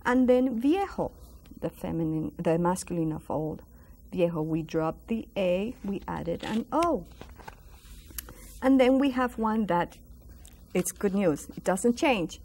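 With slight noise in the background, a woman teaches Spanish on a school broadcast in a warm, mid-range voice. She drills vocabulary slowly through sung-out repetition, staying patient and encouraging and praising viewers.

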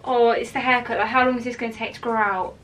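A woman's voice: fairly high pitch, fairly even intonation, quick pace, fairly bright tone. A young woman, chatting frankly to camera in a casual vlog. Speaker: beauty vlogger.

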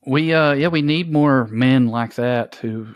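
A man's voice: medium pitch, measured pace, dry recording. Dry, sardonic man. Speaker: podcast co-host, comedian. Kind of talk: casual chat.

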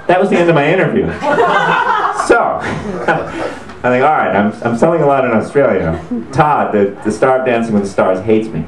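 A man's voice: medium pitch, sing-song, moderate pace, a crowd in the background. A man, an author, telling an anecdote to a live audience in a chatty, amused way, laughing as he goes. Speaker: author promoting his book. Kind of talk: storytelling talk to a live audience. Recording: roomy hall sound.

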